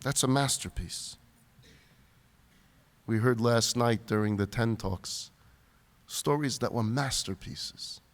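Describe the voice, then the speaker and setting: Emphatic rabbi in an echoing hall. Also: male voice, medium pitch, takes it slowly, long pauses. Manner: animated storyteller, emphatic. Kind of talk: sermon-style talk at a retreat. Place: large event hall, live audience. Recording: reverberant hall.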